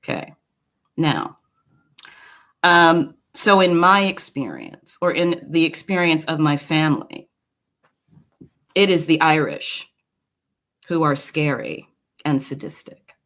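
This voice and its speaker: A woman from Brooklyn telling a personal story in a casual, digressive monologue, with quick asides to the viewer. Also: sits low. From Brooklyn, New York. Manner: animated, swings her voice widely. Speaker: commentary channel host.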